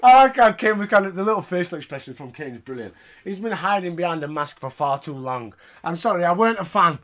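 A man hosting a casual podcast, recapping wrestling in an animated, sweary way with frequent laughter. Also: sits high, fast. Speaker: podcast host.

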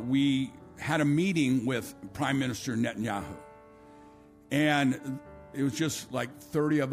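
A man's voice: mid-range voice, vocal fry. A male pastor preaching a sermon to his church, telling a long story with many restarts and asides.

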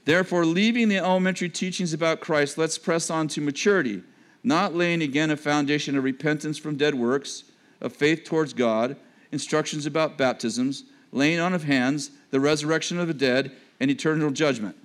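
A man preaching a sermon in a conversational way, with joking asides and sudden drops to a low register. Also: fairly even intonation, normal speed. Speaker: pastor.

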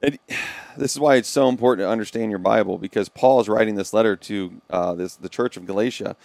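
Brisk and a bit creaky, this man's voice sits on the low side and sounds a little mellow in the dry recording. Co-hosting a podcast, he tells stories in a casual, earnest way, performing the quoted lines of the characters involved.

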